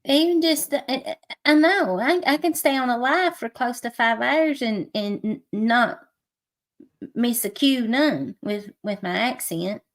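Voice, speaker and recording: Woman, thick Appalachian accent, unhurried, higher voice, casual livestream chat, laughs a lot. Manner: thick drawl, laughs often. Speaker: livestream co-host.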